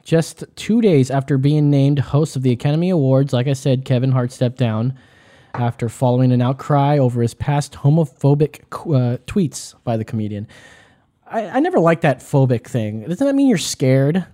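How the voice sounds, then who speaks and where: Mellow-voiced man reading news on a podcast. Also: mid-range voice, expressive, normal speed. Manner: reads news stories aloud with stumbles and asides. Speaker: podcast co-host. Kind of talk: casual podcast chat, reading news aloud.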